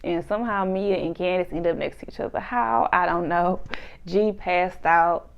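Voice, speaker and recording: A woman chats through a reality show recap with a gravelly, creaky edge to her voice. She talks in an animated way and often slips into exaggerated voices for the people she quotes. The recording sounds dull and lo-fi. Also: on the low side, normal speed. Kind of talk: casual episode recap chat.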